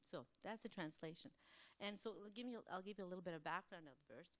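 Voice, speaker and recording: A woman giving a scripture class, talking quickly in a loose, rambling way with many fillers and pauses to clear her throat. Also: lowish voice, expressive. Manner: fast, rambling, loosely structured delivery. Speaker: class speaker at a temple.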